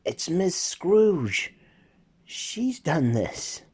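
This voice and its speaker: A man voicing a small, sick boy who speaks slowly and earnestly. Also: mid-range voice, sing-song, darkish tone, pitched above the performer's own voice, heavily acted. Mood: hopeful. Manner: slow, breathy, earnest.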